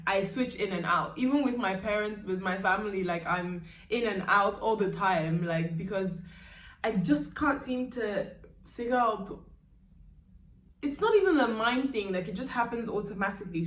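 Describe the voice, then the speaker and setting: A woman's voice: mid-range voice, normal speed. A young woman vlogging in casual chat, her accent shifting between Nigerian and British, rambling and laughing often. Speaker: YouTuber. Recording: roomy, mic at a distance.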